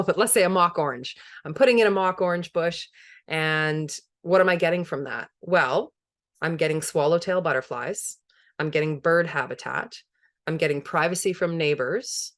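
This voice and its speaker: Low-voiced woman giving a gardening webinar. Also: fairly bright tone. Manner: enthusiastic, conversational, laughs easily. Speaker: permaculture presenter. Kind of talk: webinar presentation.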